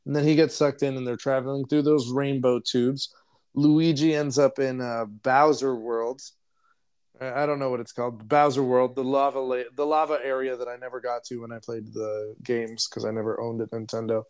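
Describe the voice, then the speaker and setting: A man's voice: medium pitch, flat delivery, moderate pace, darkish tone, clear, resonant tone. A young man co-hosting a podcast, casually recapping a film in a rambling way and laughing often. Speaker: podcast co-host. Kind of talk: casual chat, movie review.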